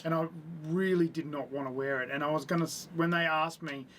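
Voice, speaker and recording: A man's voice: on the high side, fairly even intonation, fairly bright tone, distant mic, a little hiss or hum. An older man with an Australian accent, chatting casually as co-host with wry, joking remarks. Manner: wry, joking, quick to laugh. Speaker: podcast co-host. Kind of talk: casual chat.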